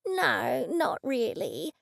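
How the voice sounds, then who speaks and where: A woman voicing a vague, rambling elderly man in his eighties in a storybook reading, speaking slowly and softly. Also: fairly high pitch, sing-song, creaky, breathy edge, no room sound, studio quality, full character voice. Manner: slow, soft, rambling.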